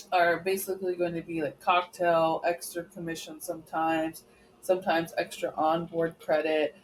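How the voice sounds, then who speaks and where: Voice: mid-range voice, a little hiss or hum, poor audio. A travel advisor trainer giving a casual, chatty live walkthrough of a booking website, often checking in with the viewers.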